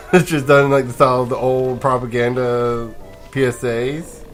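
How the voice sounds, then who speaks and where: A man's voice: mid-range voice, flat delivery, unhurried, soft background music. A man giving casual, rambling commentary while playing a video game, sleepy and yawning, chuckling and restarting his sentences. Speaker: let's play gamer.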